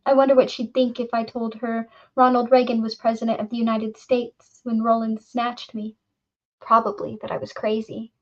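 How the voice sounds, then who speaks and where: A woman's voice: on the high side, level tone, darkish tone, lightly acted. A woman reading a jittery young man. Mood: tense. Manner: jittery, quick-tongued. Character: nervous, wisecracking young man. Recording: dull lo-fi recording.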